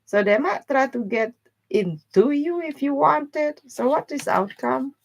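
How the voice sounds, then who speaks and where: A woman's voice: high-pitched, lively intonation, unhurried, vocal fry. A woman giving a casual live-stream tarot reading, talking bluntly in loose, broken grammar and laughing often. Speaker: tarot reader.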